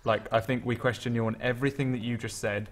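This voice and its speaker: A man's voice: medium pitch, fairly even intonation, fast. A man who jokes, rambles and swears freely in casual tabletop game talk.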